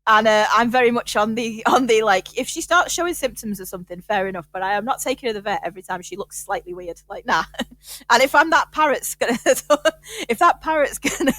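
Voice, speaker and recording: Woman, slightly high voice, rambling, laughs a lot, casual podcast chat. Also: animated, fairly quick, a bit bright.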